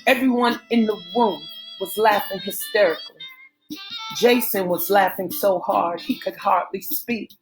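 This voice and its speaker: Woman reading an audiobook slowly over faint guitar music. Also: medium pitch, low-quality recording. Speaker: narrator. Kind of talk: audiobook narration. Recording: soft guitar music behind.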